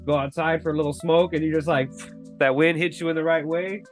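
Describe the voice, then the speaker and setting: A man's voice: fairly high pitch, fairly quick, soft background music. A young man hosting a podcast, telling loose, profane stories in casual chat and laughing often. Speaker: podcast host.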